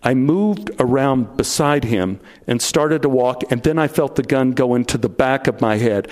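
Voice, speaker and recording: A middle-aged man telling a first-person story to an audience, dropping low and slow at the tense moments. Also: a little mellow.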